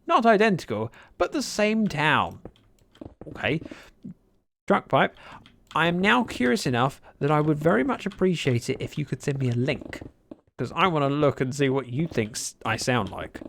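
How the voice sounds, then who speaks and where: A man's voice: a little high, slight background noise. A British man chatting casually on a game livestream, reading viewer messages aloud with dry, self-mocking humour. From Britain. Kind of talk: casual livestream chat while gaming.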